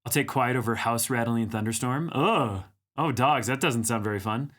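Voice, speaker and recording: A man's voice: medium pitch, moderate pace, fairly bright tone. A man hosting a livestream, chatting casually, greeting viewers and teasing them as he reads their comments aloud. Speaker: livestream host. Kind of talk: casual live-chat banter.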